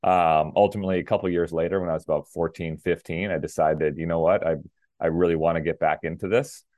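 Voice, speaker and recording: Very deep-voiced man telling his story. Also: fast, dry recording, clean studio sound. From Minnesota, USA. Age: middle-aged. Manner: relaxed storytelling with many fillers and restarts. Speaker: guest, former pro tennis player. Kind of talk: casual interview talk.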